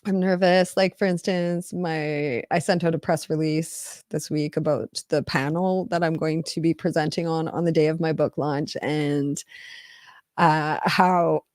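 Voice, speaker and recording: A woman's voice: sits low, steady tone, a little slow, no echo. Chatty woman live streaming, dry sound. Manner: chatty, rambling, with frequent restarts and soft laughs. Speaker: live streamer promoting her book. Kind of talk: casual live stream chat. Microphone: close mic on a live stream.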